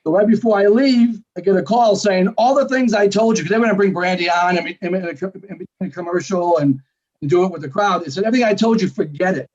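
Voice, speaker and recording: A man telling a personal story in a casual, animated way, acting out the lines of the people in it. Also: high-pitched. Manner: animated, quick storytelling with quoted dialogue. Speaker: guest storyteller. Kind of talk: casual anecdote. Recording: dull lo-fi sound.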